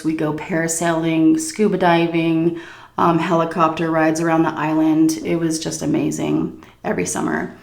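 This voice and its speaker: Brief: frank, giggly vlogger woman, middle-aged, low gravelly voice, roomy echo. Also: darkish tone. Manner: candid, crude, giggly. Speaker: YouTuber answering viewer questions. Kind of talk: casual Q&A chat.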